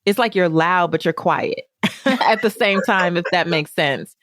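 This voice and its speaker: A woman's voice: on the low side, a little slow, a bit bright, no room sound, clean studio sound. Enthusiastic woman hosting a podcast. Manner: effusive, enthusiastic, rambling. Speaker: podcast host. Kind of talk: podcast intro and interview chat.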